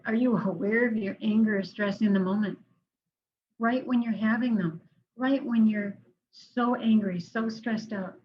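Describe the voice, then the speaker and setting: Calm instructive woman counselor, lo-fi. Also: medium pitch. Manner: calm, instructive, slows down for breathing exercises. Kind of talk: recorded talk on anger management.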